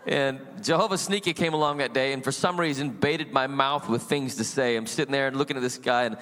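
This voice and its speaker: A middle-aged male pastor preaching a sermon and telling his testimony in an animated storytelling way, acting out voices in the story. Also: medium pitch, brisk, big-room sound. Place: church.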